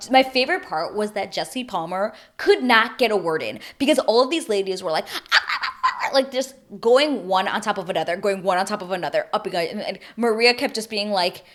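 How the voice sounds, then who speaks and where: A woman hosting a casual reality-TV recap, animated and opinionated, swearing freely. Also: medium pitch, a little fast, few pauses. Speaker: TV recap host.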